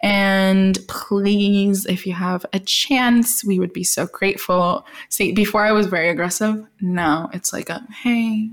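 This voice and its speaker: A woman's voice: mid-range voice, fairly even intonation, measured pace, hardly any pauses. Valley Girl-accented woman, chatty podcast host. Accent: American Valley Girl. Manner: chatty, joking, swears casually. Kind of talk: casual podcast chat.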